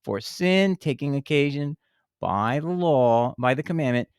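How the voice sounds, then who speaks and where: High-voiced, fervent male bible teacher. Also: animated, unhurried, clean tone, no echo, studio quality. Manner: fervent, emphatic, digressive, scolding. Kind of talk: impassioned scripture commentary.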